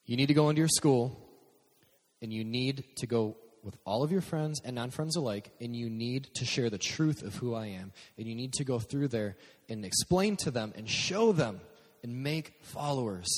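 A man's voice: mid-range voice, expressive, moderate pace, lightly acted. A man voicing Jesus as an urgent, commanding figure who hammers out repeated orders. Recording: long hall reverb.

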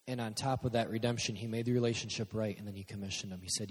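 A man's voice: fairly low pitch, fairly even intonation, fast, breathy edge. A man preaching a conversational sermon to young listeners, speaking directly to them. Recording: long hall reverb.

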